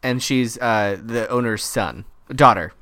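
A man co-hosting a podcast in casual chat, riffing and quoting others in quick voices. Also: mid-range voice, sharp tone. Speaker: podcast co-host.

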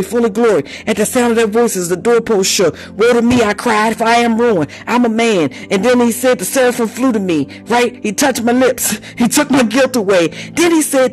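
A spirited preacher leads the congregation in call-and-response, laughing between lines. At times the voice drops into speaking in tongues. Soft music plays underneath at a middling pitch. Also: low-quality recording. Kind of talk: sermon.

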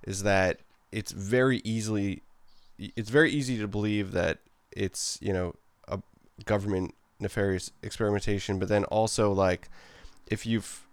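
A man talks through a casual podcast chat in a rambling way, full of "like" and "um" as he gathers his thoughts. His low voice sounds smooth and resonant, and the recording is dry and close. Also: fairly even intonation, moderate pace, no room sound. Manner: rambling, heavy on "like" and "um" fillers. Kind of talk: casual conversation.

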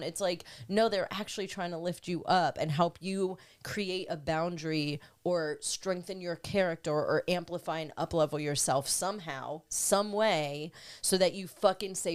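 A woman's voice: fairly low pitch, normal speed, few pauses. A woman in casual podcast chat, talking candidly and earnestly about self-growth, swearing freely.

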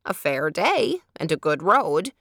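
A woman reading a storybook, giving a cheerful, thrifty old peasant woman plain, contented lines in her own lowish voice. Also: sing-song, measured pace, gravelly, a bit bright, no room sound, clean studio sound, heavily acted.

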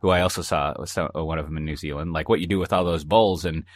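A man's voice: extremely low pitch, steady tone, fast talker, dry recording, studio quality. A man co-hosting a podcast in casual chat, telling rambling, jokey stories full of asides. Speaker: podcast co-host. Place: lives in Texas.

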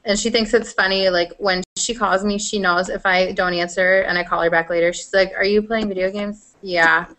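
A young woman co-hosting a casual gaming podcast, chatty and quick to laugh. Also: medium pitch, little pitch movement, fairly bright tone. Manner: chatty, laughs often, lots of "like". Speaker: podcast co-host. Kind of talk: casual chat.

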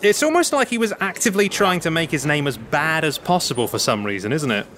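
A man playing a breezy, matter-of-fact man in a comedy sketch, with a deadpan manner. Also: fairly high pitch, fast talker. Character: matter-of-fact man who goes along with everything.

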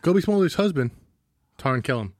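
A man's voice: fairly high pitch, animated, fairly quick, darkish tone, no room sound, clean studio sound. A man co-hosting a podcast, chatting casually about a movie, laid-back and joking, playfully dramatic.

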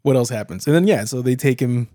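A man's voice: mid-range voice, fast, no room sound, studio quality. Laughing, chatty podcast guy. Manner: laughs often, acts out quotes in animated voices. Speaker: podcast co-host. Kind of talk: casual chat recapping a show.

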